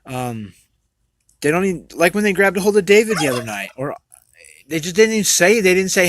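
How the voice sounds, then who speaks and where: A man's voice: sits high, animated, normal speed, fairly bright tone, dry recording. Profane man ranting on a livestream. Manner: profane, heated, repetitive stammering restarts. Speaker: livestream host. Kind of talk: angry livestream rant.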